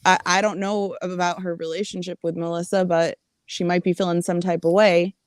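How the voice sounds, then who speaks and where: A woman co-hosting a casual gossip livestream, laid-back as she speculates and throws in quick asides. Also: fairly low pitch, flat delivery, no echo, clean studio sound. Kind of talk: casual gossip commentary chat.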